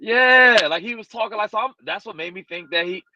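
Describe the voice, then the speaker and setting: A man's voice: sits high, brisk, bright, forceful tone, a little hiss or hum. A man chatting casually and animatedly in slang, laughing often, on a dull lo-fi line. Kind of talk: casual chat. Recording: dull lo-fi remote audio.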